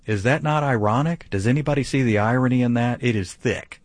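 A man who is a pastor answering a caller, teaching in an animated, emphatic way. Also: medium pitch, fairly quick, no echo. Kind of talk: call-in radio teaching.

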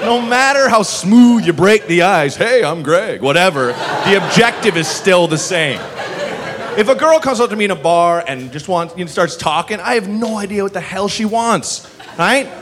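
A self-deprecating stand-up comedian in his late thirties, a man with a high voice that swings all over the place. He rambles through his set. The live club recording carries a lot of noise. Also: animated, moderate pace. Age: 30s. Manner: rambling, self-deprecating, full of "like" and "you know". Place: comedy club stage before a laughing audience.

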